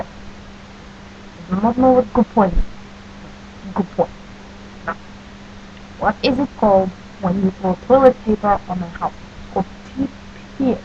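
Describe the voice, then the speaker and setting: Woman, webcam vlogger, deadpan jokes in a put-on mock Russian accent, dull lo-fi audio with faint hum. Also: medium pitch. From New Jersey. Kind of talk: comic accent-challenge vlog.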